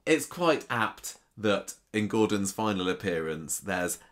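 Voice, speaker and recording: A man's voice: on the low side, sing-song, slow, a bit bright. A man co-hosting a podcast, chatting casually and recounting soap opera storylines with asides. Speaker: podcast co-host.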